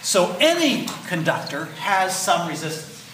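A man's voice: high voice, big pitch swings, unhurried, bright, forceful tone. A man in his sixties giving a physiology lecture, explaining step by step and checking in with "okay?" and "right?". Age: 60s. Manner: explanatory, repeats key points with "okay?" and "right?". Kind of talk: classroom lecture. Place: lecture hall. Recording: roomy lecture hall, mic at a distance, faint noise.

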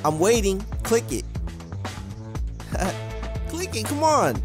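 A man giving excitable gameplay commentary as a gaming YouTuber, yelping and screaming when scared. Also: music in the background. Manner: rapid high-pitched panicky exclamations.

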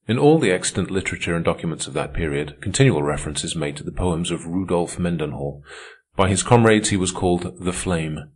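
A man reading an audiobook as narrator, in a measured, steady way. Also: low-pitched, slightly rough. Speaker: audiobook reader. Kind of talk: scripted narration.

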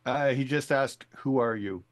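A man's voice: medium pitch, normal speed. A man playing a character in a tabletop game, playfully describing what his character does. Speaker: player.

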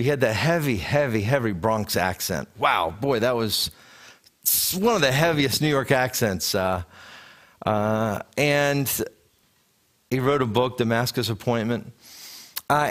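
Male rabbi, 30s, animated storytelling sermon with frequent restarts. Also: mid-range voice. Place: congregation sanctuary.

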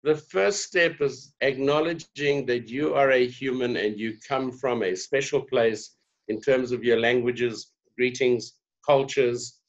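A South African man telling stories in a podcast interview, voice sitting at a middle pitch. He slips into little voices to act out the people in his anecdotes. The recording is somewhat dull and lo-fi. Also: measured pace. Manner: animated, acts out dialogue in voices. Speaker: guest, diversity trainer. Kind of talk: conversational storytelling.

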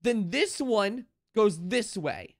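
A man commenting on a video game live as he plays it. He talks slowly and repeats himself, and his pitch swings widely up and down with sudden excited bursts. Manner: thinks aloud, repeats himself, excited outbursts. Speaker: streamer.

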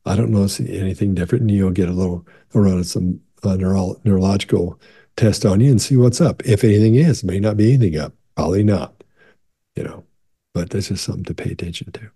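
A man's voice: sits low, quick pace, husky. A man in his sixties, a body language expert, casually answering viewer questions in a reassuring, easygoing way with many restarts. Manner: relaxed, reassuring, with frequent restarts and fillers.

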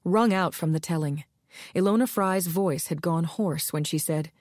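A woman narrating a thriller in a measured, steady voice on the low side. The recording is close and dry, with no room around it. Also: no echo. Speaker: audiobook narrator. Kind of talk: scripted narration.

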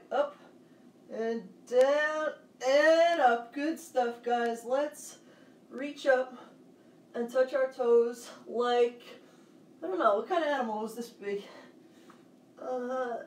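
A woman's voice: fairly high pitch, reverberant, far from the mic, a little hiss or hum. A woman coaching a home workout for kids, upbeat, counting reps and cheering the children on. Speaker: fitness coach. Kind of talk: kids' home workout class. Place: home, near a hallway.

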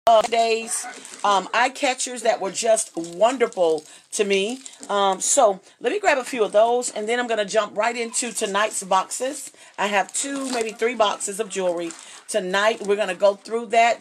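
A chatty, bubbly middle-aged woman with a drawl runs a live jewelry sale. She talks warmly and casually, greeting her viewers one by one as she shows off each piece. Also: a little high. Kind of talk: casual live-stream selling.

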